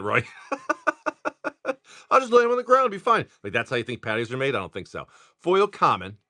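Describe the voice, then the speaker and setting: A man hosts a relaxed morning livestream and talks in quick, animated bursts, his pitch rising and falling a lot. He swears casually and greets viewers by name while going through card packs. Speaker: card-breaking livestream host.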